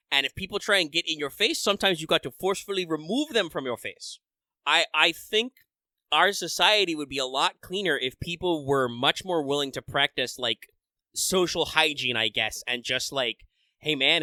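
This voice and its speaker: Rambling and swearing, a man co-hosting a podcast keeps cutting himself off, restarting and using filler words in casual chat. His voice is on the high side, pushed and bright, in a dry, studio-quality recording.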